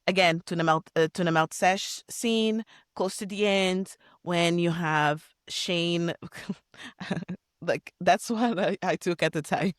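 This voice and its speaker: A woman's voice: fairly low pitch, takes it slowly, clean tone, no echo, clean studio sound. A woman co-hosting a podcast in casual chat, agreeing eagerly and swearing casually. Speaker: podcast co-host.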